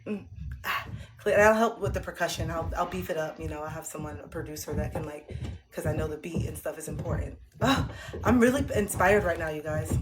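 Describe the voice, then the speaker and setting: A woman's voice: sits low, fast, crowd noise. A woman streaming a card reading, talking earnestly and breaking into sing-song chanted mantras. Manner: earnest, motivational. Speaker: tarot card reader streamer. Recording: loud music behind voice.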